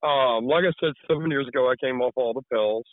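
A man's voice: medium pitch, quick pace, no echo, phone-quality sound. A man talking candidly and ramblingly as a podcast guest, telling stories with many fillers. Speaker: podcast guest, tree care worker. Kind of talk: casual conversation.

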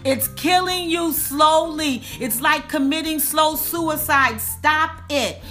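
Bright high-voiced woman preaching. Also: faint music behind. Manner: preacherly, addresses listeners as y'all; repeats lines for emphasis, slow drawn-out punch words. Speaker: faith and wellness speaker. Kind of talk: preaching motivational talk.

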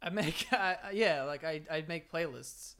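A man's voice: a little high, moderate pace, fairly bright tone. A man co-hosting a podcast, giving dry, joking replies in casual chat. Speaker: podcast co-host.

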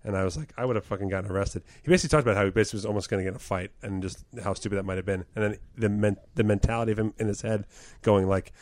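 Fast-talking low-voiced man. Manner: rambling, profane, trailing off quietly. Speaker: podcast co-host. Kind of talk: casual comedy chat.

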